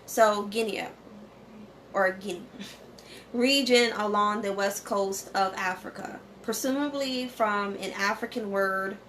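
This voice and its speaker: Woman vlog host, relaxed and slow, chatty teaching tone, trips over hard words while reading aloud. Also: mid-range voice, slight background noise. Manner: conversational, often checks in with "okay?"; reads source text aloud, stumbles over pronunciations. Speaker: channel host. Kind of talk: casual educational vlog.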